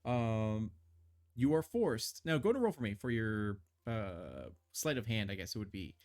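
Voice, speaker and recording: A man's voice: on the low side, very animated, unhurried, darkish tone. A man running a tabletop game as game master, narrating loosely with many fillers and restarts. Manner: rambling, filler-heavy narration.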